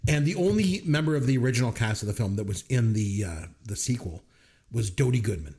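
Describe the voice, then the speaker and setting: A man's voice: medium pitch, brisk. A man co-hosting a podcast, chatting casually about a movie and acting out its scenes with frequent laughter. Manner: animated storyteller, acts out movie lines and laughs often. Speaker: podcast co-host. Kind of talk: casual movie review chat.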